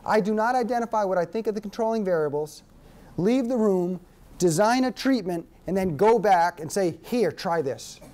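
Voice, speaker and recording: With a high voice and moderate pace, a man lectures a workshop audience. He tells stories animatedly and says the important points more than once for emphasis.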